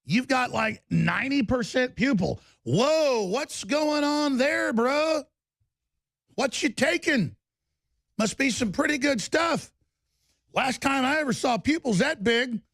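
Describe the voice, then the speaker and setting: A male talk show host delivering an angry, profane broadcast tirade, shouting often. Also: very high voice, creaky. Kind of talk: ranting broadcast monologue.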